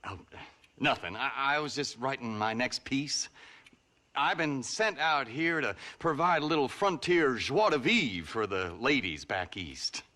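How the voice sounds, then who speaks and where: An actor playing a foppish, giggly writer from back east who talks flamboyantly and theatrically. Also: male voice, mid-range voice, expressive, unhurried, pushed and bright. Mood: giddy.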